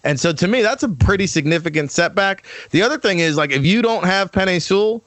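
A man's voice: high-pitched, animated, quick pace, fairly bright tone, no echo. A man giving opinionated, emphatic football analysis as a weekly guest, with frequent restarts. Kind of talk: casual sports talk.

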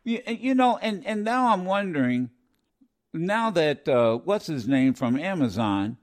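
A man's voice: a little high, very animated, a little slow. A man hosting a live radio talk show, rambling with many fillers and restarts, blunt and opinionated.

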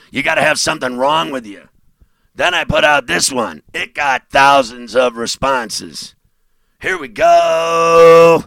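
A male sports radio host delivering a sarcastic monologue, mocking and laughing, dropping low and then bursting out loud. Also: vocal fry, dry recording.

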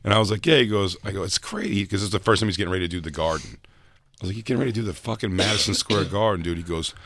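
Male comic co-host, fast rambling stories, lowish voice, dry close mic. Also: animated, a bit bright, dry recording. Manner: rambling, filler-heavy storytelling. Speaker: podcast co-host and stand-up comedian. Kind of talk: casual storytelling chat.

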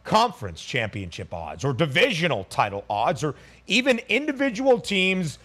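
A man hosting a sports betting radio show, briskly rattling off odds and numbers. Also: on the high side, huge pitch swings, a bit bright, husky.

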